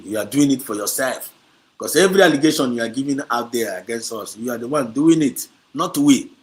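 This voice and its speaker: Nigerian male livestream host, combative, repeats his points, mid-pitched voice. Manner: combative, repetitive, mixes Igbo and Pidgin. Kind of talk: heated livestream commentary. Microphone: streaming setup.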